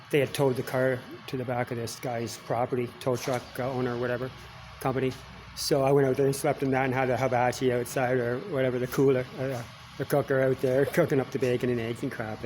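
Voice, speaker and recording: A man's voice: mid-range voice, darkish tone, slight background noise. Folksy Canadian man spinning yarns. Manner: folksy, chuckling, peppered with "eh". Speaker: vlogger. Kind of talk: rambling personal storytelling.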